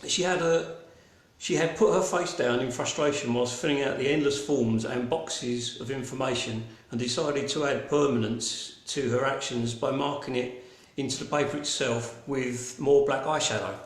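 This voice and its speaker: This Cockney host of an online gallery private view has a mid-range, fairly even voice and a moderate pace, heard in an echoey room. His live-streamed gallery talk is casual and rambling, thick with ums, restarts and cheerful swearing.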